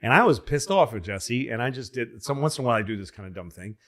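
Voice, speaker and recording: A man's voice: medium pitch, lively intonation, quick pace, fairly bright tone. A middle-aged man from Massachusetts spins rambling anecdotes as a guest on a casual podcast. He slips into the voices of the people in his stories and then drops back into his easygoing chat.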